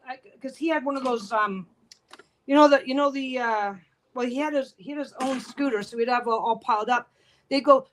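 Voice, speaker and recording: A woman's voice: high voice, normal speed, a little hiss or hum. A woman vlogger telling work stories in a blunt, profane, exasperated way as she sews, with a sewing machine heard behind her. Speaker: quilting vlogger. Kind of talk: casual storytelling while sewing.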